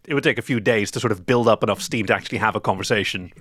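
A man's voice: lowish voice, very fast, fairly bright tone, no echo, studio quality. A man co-hosting a comedy podcast, chatting in a wry, theatrical way. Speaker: podcast co-host. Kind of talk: casual chat.

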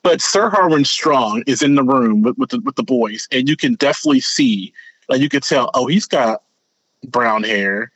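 A man co-hosting a podcast in casual chat, rambling and animated, often repeating words as he thinks. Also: medium pitch, moderate pace, husky, no room sound. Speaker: podcast co-host. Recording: dull, lo-fi sound.

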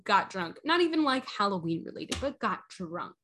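A woman's voice: mid-range voice, sing-song, normal speed, fairly bright tone, a little hiss or hum. A young woman chatting on a podcast, a little tipsy, rambling through a story and laughing often. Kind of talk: casual chat.

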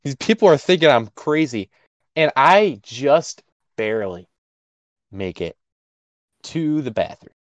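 A man's voice: mid-range voice, a little slow, pauses often, no echo. A young man co-hosting a podcast, telling a story in casual chat and acting out the people in it. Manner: animated storyteller, acts out voices. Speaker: podcast co-host.

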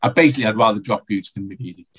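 Quick-talking man in football chat. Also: lowish voice, a bit bright, breathy edge. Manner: quick, rambling, many restarts. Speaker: podcast co-host. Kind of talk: casual football podcast chat.

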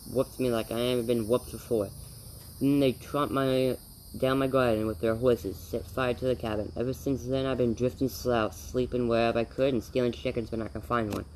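A man's voice: mid-range voice, a little mellow, slight background noise, lightly acted, poor audio. A man voicing a hungry, humble grown drifter who speaks in plain, polite rural talk. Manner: folksy rural speech, eager and polite.

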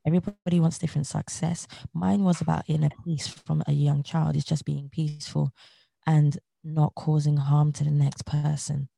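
A woman speaks as an interview guest in an earnest, motivational way, circling back to the same phrases. Her voice is dark and mellow with a gravelly edge. The sound is close and dry, with no room around it. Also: deep voice, flat delivery, moderate pace, no echo. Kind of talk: reflective interview talk.

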